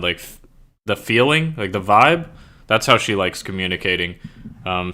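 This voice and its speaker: Bright-voiced young man, rambling chat. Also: on the low side. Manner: rambling, full of "like" fillers; laughs often. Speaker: streamer and author. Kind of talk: casual chat.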